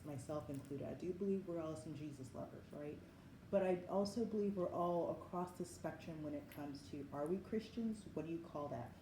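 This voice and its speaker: Low-voiced woman reading tarot. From Southern United States. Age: 40s. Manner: musing, effusive, often calls things wild. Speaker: tarot reader. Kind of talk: spiritual tarot and oracle reading. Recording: echoey room with background noise.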